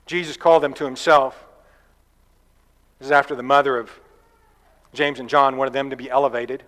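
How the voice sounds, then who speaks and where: A man's voice: mid-range voice, flat delivery, moderate pace, a bit bright. Man preaching in an echoing church hall. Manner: conversational, folksy storytelling with asides. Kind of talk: sermon. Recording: long reverb of a church hall.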